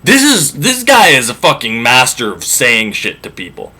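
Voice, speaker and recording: Man, comic storyteller, casual and profane, animated pitch. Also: moderate pace, breathy edge. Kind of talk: comic myth retelling.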